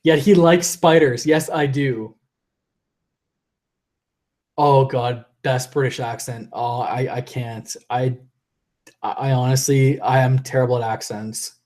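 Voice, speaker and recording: A man's voice: medium pitch, fairly even intonation, slow, pauses often, a little mellow. Rambling young man losing his voice. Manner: rambling, self-interrupting, laughs often. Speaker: live-stream host reading viewer chat. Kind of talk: casual live-stream chat.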